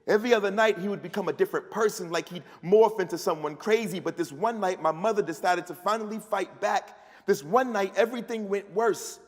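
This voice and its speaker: A man, an author, giving a live, rhythmic first-person reading of his fiction in a large festival hall. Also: high-pitched. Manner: rhythmic, storytelling delivery. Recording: long hall reverb.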